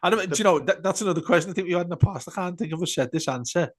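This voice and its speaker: A man, chatting casually as a podcast co-host and telling animated match-day stories. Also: high-pitched, racing. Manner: animated storyteller, shouts out quoted fan heckles. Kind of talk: casual football chat.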